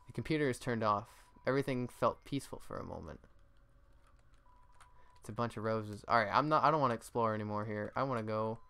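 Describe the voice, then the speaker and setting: A man's voice: lowish voice, fairly quick, vocal fry, bright, forceful tone, clear, resonant tone. Offhand man reading a game aloud. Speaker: let's play gamer. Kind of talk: casual game commentary.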